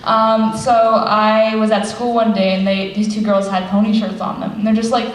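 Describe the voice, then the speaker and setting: A woman's voice: mid-range voice, level tone, normal speed. A young woman telling a bubbly story on a convention panel, acting out the quotes. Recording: echoey hall from far off.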